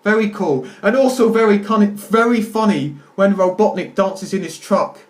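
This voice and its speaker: A young video reviewer sits at home rambling through a casual film review to camera, stammering, interrupting himself, and exaggerating for laughs. His voice is high-pitched and moderately paced.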